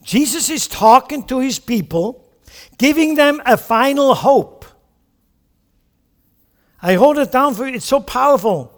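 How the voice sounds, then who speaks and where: A man with a high, light voice preaches to his congregation, explaining and emphasizing as he teaches. His words ring out with the long reverb of a large hall. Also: lively intonation, measured pace, long pauses. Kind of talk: sermon.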